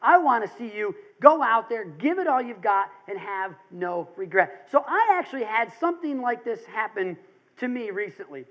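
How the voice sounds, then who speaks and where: Man, thirties, motivational speaker, energetic storytelling, dull lo-fi recording. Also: sits high, moderate pace. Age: 30s. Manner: energetic storytelling with emphatic rises. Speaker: seminar speaker. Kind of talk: motivational seminar talk.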